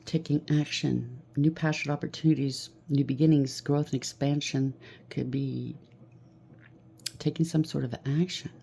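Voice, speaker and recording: A woman's voice: extremely low pitch, fairly even intonation, moderate pace, vocal fry, mellow, slight background noise. A woman at home doing a collective tarot reading, reassuring her viewers with frequent fillers and a repeated "okay?". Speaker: tarot reader. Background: washing machine running.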